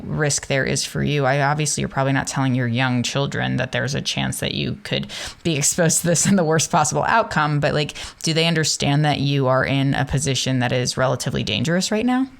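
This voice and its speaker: Gravelly, smooth-voiced podcast host. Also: medium pitch. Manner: rambling questions with many fillers. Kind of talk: casual interview conversation.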